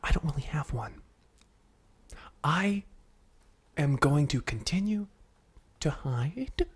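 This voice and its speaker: A man on a comedy podcast playing a paranoid, unstable man hiding out in a dumpster, husky and rambling, dropping into breathy whispers. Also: lively intonation, slow pace, heavily acted. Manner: jittery and rambling, swooping up and down in pitch. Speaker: comedy podcast cast member. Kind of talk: improvised comedy podcast role-play.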